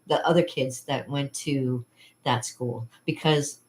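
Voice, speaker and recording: A woman's voice: rumbling low, steady tone, takes it slowly, darkish tone. A woman hosting her own channel in a casual vlog, talking in a rambling, chatty way with frequent laughter. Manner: rambling and chatty, laughs often, acts out quotes. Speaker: channel host.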